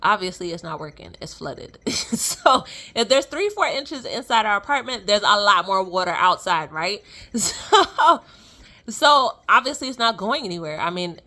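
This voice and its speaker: A young adult woman telling a personal story in a casual, animated way, full of fillers and laughing as she goes. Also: mid-range voice, normal speed. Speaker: vlogger sharing a testimony.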